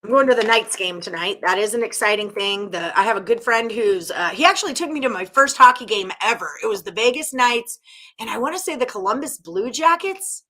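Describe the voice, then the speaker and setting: A woman's voice: on the high side, lively intonation, a little fast, bright, forceful tone. A woman hosting a casual live-stream sports betting show, chatting to viewers in an upbeat, teasing way as she rattles off names and scores.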